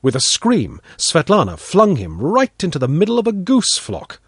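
A man narrating a first-person story in an expressive storytelling manner. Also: fairly high pitch, moderate pace, breathy edge, no echo, studio quality. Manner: expressive storytelling, voices the characters.

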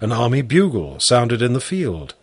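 A man narrating a story in the first person, reading slowly and expressively. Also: medium pitch, husky, no room sound. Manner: slow, animated storytelling.

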